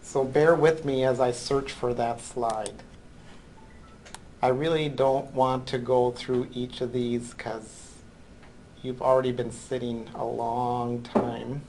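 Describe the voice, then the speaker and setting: A man's voice: mid-range voice, fairly even intonation, takes it slowly, darkish tone, slight background noise, rough recording. A man teaching a college class, lecturing with frequent ums and "right?" checks. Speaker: college accounting instructor.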